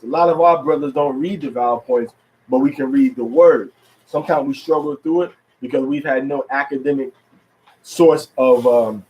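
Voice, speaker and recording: Halting man teaching Hebrew words. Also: mid-range voice, darkish tone, rough recording. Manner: halting, many fillers and repeated words. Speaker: religious teacher. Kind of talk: informal religious teaching.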